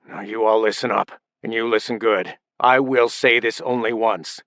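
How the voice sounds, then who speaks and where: A man voicing a ruthless patriarch of a crime family who delivers slow, shouted threats. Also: fairly low pitch, steady tone, dry recording, clean studio sound. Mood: furious menace.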